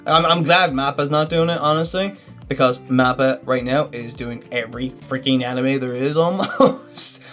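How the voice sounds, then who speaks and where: A man's voice: medium pitch, moderate pace, fairly bright tone, faint music behind. A man reviewing a manga in a casual, enthusiastic video, chatty and full of fillers.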